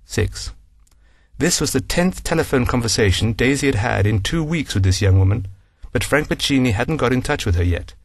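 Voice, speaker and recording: A man's voice: medium pitch, expressive, moderate pace, creaky, dry recording, studio quality. A man narrating a scripted story and announcing numbered sections. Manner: reads numbered sections aloud.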